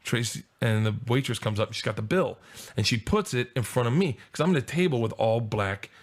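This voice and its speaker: A middle-aged man spins a wild comic anecdote as a podcast guest. He talks in quick, animated bursts, laughing along, in an ordinary mid-range voice. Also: medium pitch. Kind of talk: comic storytelling.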